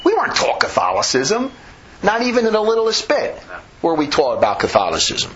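A man's voice: high voice, huge pitch swings, brisk, fairly bright tone. A man preaching an impassioned sermon, emphatic and rambling, often restarting his sentences. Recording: dull lo-fi recording.

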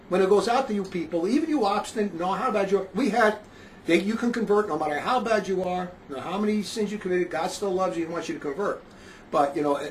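A man with a notably high voice for his sex talks as a street preacher, rambling and emphatic, circling back over his own phrases. He is from northern New Jersey, and his voice swells into loud, forceful bursts. A faint hum of noise sits behind him. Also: poor audio. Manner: emphatic, rambling, repeats himself, rises to loud outbursts. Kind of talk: casual spoken monologue.

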